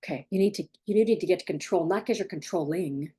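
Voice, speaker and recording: A woman's voice: fairly low pitch, fast, mellow, slightly rough. A woman parenting coach giving blunt, emphatic advice straight to the viewer, repeating points for stress. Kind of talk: direct advice monologue.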